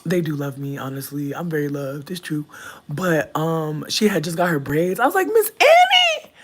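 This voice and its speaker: Young adult streamer, casual live chat, profane and animated storyteller who swings from loud, high bursts to quiet asides. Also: normal speed. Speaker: livestreamer reading chat.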